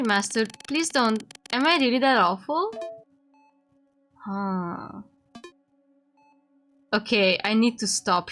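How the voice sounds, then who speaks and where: A woman's voice: medium pitch, a little hiss or hum. A woman streamer playing a game, reading its text aloud and reacting as she goes. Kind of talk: casual game commentary.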